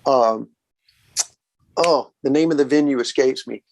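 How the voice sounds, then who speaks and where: A man's voice: mid-range voice, measured pace, creaky, a little hiss or hum. Laid-back Southern man telling stories. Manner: relaxed, says "man" a lot, acts out quoted voices. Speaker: guest musician. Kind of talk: casual storytelling interview.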